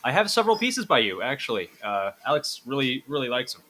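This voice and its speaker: A man hosting a podcast, excitable and stumbling over his words in casual chat. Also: mid-range voice, fast. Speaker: podcast host.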